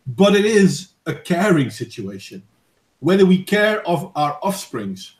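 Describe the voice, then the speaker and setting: Thirties male host, earnest and measured, a little high-pitched, boomy room sound. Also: very animated. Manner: earnest, measured, with frequent restarts. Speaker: host of a voice chat discussion. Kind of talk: casual debate. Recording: echoey room.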